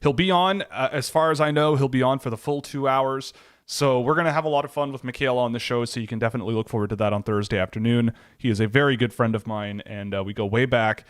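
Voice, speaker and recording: A man hosting a live hockey scouting stream, chatting casually in a relaxed, rambling way with many fillers. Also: mid-range voice, fast, smooth, no echo, clean studio sound. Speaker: hockey scouting show host.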